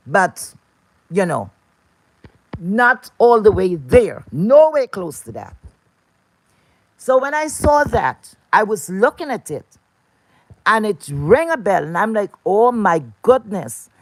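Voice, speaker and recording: A woman's voice: mid-range voice, dry recording. Woman, live streamer, profane rant, repeats herself, dry recording. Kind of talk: casual ranting livestream talk.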